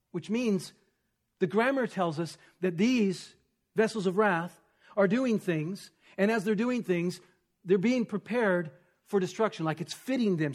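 Man, pastor, high-pitched, expository sermon, rhetorical questions, loud-to-hushed swings. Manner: swings from emphatic to hushed, near-whispered stress.

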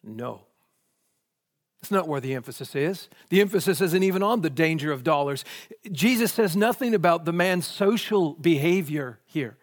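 A man's voice: on the high side, animated, moderate pace, long reverb tail. A man preaching a sermon, posing question after question before answering them emphatically.

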